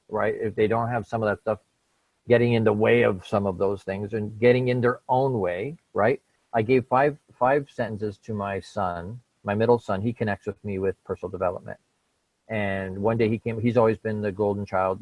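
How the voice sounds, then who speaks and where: A man's voice: on the low side, no echo, phone-quality sound. A middle-aged man, a podcast guest, telling a personal story in casual conversation, repeating words and restarting sentences as he makes his points. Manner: repeats words and restarts, emphatic about change.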